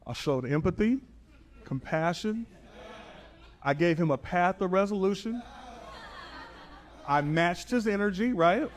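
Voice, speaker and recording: A man performing a stand-up bit, telling a work story in an animated, punchy way. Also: sits high, measured pace, pauses often, some chatter behind. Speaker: stand-up comedian. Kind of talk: stand-up set.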